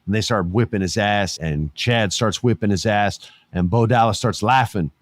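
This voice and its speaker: A middle-aged man hosting a podcast, giving animated casual commentary, laughing often and swearing casually. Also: fairly low pitch, normal speed, no echo, studio quality. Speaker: podcast host.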